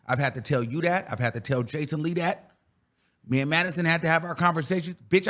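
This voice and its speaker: Hosting a reaction show, a man with a fairly high, slightly bright voice rants in heated commentary. He's profane, confrontational and emphatic.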